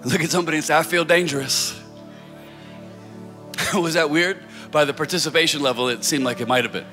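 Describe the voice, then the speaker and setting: High bright-voiced preacher man in a reverberant hall. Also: very fast. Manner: storytelling preacher, rising to loud fervent prayer. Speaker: pastor. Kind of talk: sermon. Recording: music and long hall reverb.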